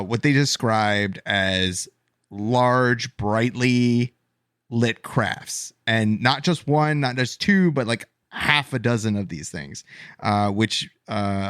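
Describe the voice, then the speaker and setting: A man's voice: fairly low pitch, fairly bright tone, smooth, dry recording. Man, podcast host, rambling, filler words, dry close sound. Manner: rambling, stumbles over names, many fillers. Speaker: podcast host presenting the case. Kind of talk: casual chat.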